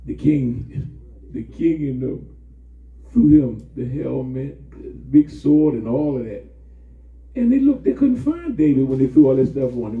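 A male preacher tells stories in an animated way and draws call-and-response from the congregation. His voice runs high and leaps all over its range. It comes from a distance in an echoey church, thin and phone-like. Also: measured pace. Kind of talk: sermon.

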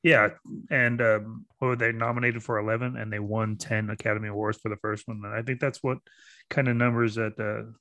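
A man's voice: on the low side, level tone, fairly quick, pushed and bright, no echo. Laid-back hesitant man, dry sound. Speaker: podcast co-host. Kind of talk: casual movie-review chat.

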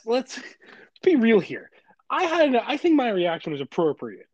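A man's voice: very high voice, wildly swooping pitch, unhurried, darkish tone, no room sound. A young man co-hosting a casual podcast, heated and given to profane rants. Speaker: podcast co-host.

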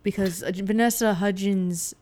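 A woman's voice: mid-range voice, fairly even intonation, normal speed, mellow. A woman co-hosting a casual chat, opinionated and explaining singing technique in detail.

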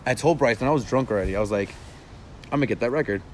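A man's voice: mid-range voice, slight background noise. A young man from Southern California, telling a story in casual chat with lots of "like" fillers. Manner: rapid, animated anecdote telling with filler "like".

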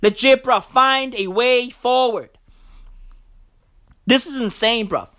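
A man ranting about the news in a profane, excitable comedic vlog, packed with slang. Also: very high voice, slow pace. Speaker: vlogger.

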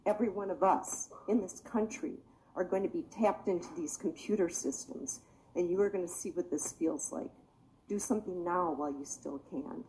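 A woman's voice: fairly low pitch, moderate pace, dark tone, a little hiss or hum, poor audio. Emotional, tired woman testifying. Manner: emotional, earnest, pleading. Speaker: public commenter. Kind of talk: public meeting testimony.

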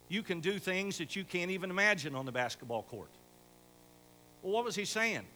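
A man's voice: sits high, expressive, fairly quick, bright, forceful tone. An older man preaching a folksy sermon as pastor, rising to emphatic exhortation. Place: church sanctuary. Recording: echoey church hall with faint hum.

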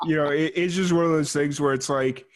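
A man from Chicago with a Chicago accent, hosting a casual interview, friendly and conversational with quick agreeable replies. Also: fairly high pitch, steady tone. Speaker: podcast host.

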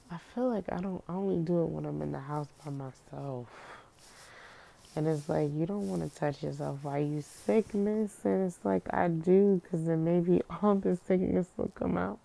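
Her fairly low, creaky voice has a warm tone as she rambles to the camera in a small room. Drowsy from cold medicine while sick, she slurs her words and talks herself through the moment.

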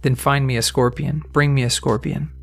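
A man voicing a calm, wise old male sage who speaks in short, slow, measured commands. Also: mid-range voice, gravelly, faint music behind. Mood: calm, firm.

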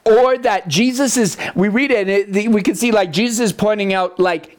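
A man preaching a conversational sermon, animated, with rhetorical questions and frequent restarts. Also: high-pitched, normal speed, hardly any pauses.

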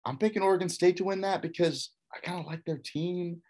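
A man's voice: high-pitched, fairly even intonation, brisk, darkish tone. A man from Texas with a faint Texas accent, casually rambling through his college football picks in a solo talk. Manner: rambling, repeats himself, frank opinions.

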